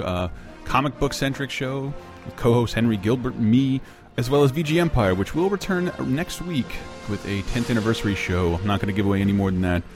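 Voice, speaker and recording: An American man hosting a podcast, chatting casually and cursing while he jokes around. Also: fairly low pitch. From United States. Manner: profane, joking, slips into silly voices. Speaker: podcast host.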